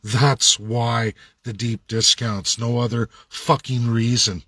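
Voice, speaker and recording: A man rants hard, hammering his points with repeated rhetorical questions. His voice sits at an ordinary middle pitch. The sound is close and dry, with no room echo. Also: level tone, slow, fairly bright tone. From Canada. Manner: angry, repetitive, rhetorical questions. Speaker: political commentator. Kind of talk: ranting monologue.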